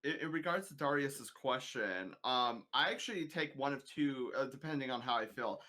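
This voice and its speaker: A young man, a guest on a casual podcast recorded over a voice call, easygoing and quick to laugh. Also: medium pitch, expressive, bright, forceful tone. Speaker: guest streamer. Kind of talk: casual chat. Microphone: home mic over a voice call.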